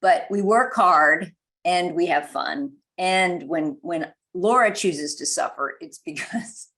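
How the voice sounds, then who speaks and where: Woman panelist, low-pitched, earnest and self-mocking, casual chat. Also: slow, fairly bright tone. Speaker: foundation staff panelist. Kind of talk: casual group discussion.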